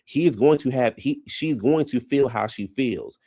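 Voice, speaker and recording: A man's voice: medium pitch, measured pace, warm tone, breathy edge, dry recording, studio quality. Casual man recapping reality TV. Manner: chatty, frank, trails off and restarts mid-thought.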